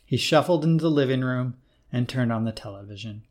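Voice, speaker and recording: A man hosting a short-story show, reading the narration in a calm, measured way. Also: medium pitch. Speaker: narrator and host.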